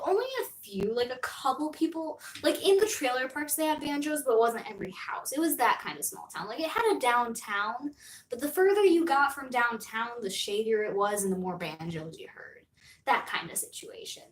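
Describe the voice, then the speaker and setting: A woman's voice: fairly high pitch, expressive, moderate pace, echoey room. A young American woman streaming, chatting casually in a rambling way, full of fillers and laughs. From United States.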